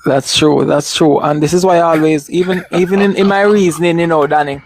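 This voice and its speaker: High-voiced man talking bluntly. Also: fairly even intonation, brisk, no room sound. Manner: emphatic, repeats himself, many restarts. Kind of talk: casual discussion.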